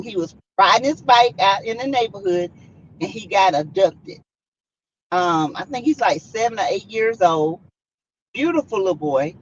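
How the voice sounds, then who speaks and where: A woman's voice: mid-range voice, lo-fi sound, a little hiss or hum. A woman with a Southern US accent, hosting a casual chat and telling a story dramatically. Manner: animated, dramatic, acts out quotes. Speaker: vlogger host.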